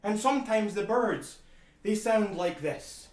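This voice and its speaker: A man improvising a one-man play in a solemn, formal deadpan, sometimes bursting into bird cries. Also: high voice, takes it slowly. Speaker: solo improv performer, as the bird lover. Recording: roomy, from a distance.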